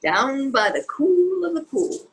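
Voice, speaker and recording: A woman's voice: sits high, sing-song, slow, poor audio. An older woman reading a picture book aloud to young children, sing-song and asking them questions along the way. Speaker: children's storyteller.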